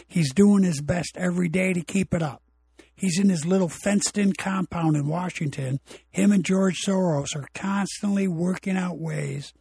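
A man hosts his own podcast alone, rambling from one point to the next in a blunt, opinionated way. His voice sits a little high and sounds husky. The recording is dry, with no room sound. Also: dark tone, no echo. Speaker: podcast host. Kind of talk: casual solo podcast monologue. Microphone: home recording equipment.

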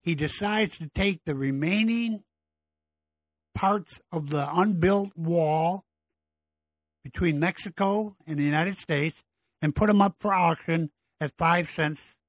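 A middle-aged man delivers an opinionated political monologue, blunt and exasperated. His voice sits a little high and sounds husky. It is recorded dry and close, with no room sound. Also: no room sound. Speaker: political commentary host.

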